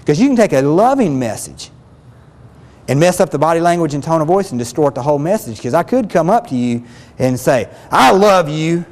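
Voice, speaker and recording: A man's voice: on the high side, big pitch swings, a little fast, darkish tone, in a large hall. A man giving a spoken self-help lesson as a relationship counselor, earnest and plain-spoken, often repeating himself.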